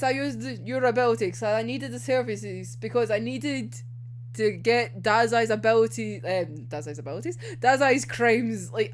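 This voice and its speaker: A young woman excitedly recapping an anime episode, swearing and laughing often as she talks. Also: fairly high pitch, a little hiss or hum. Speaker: anime reviewer.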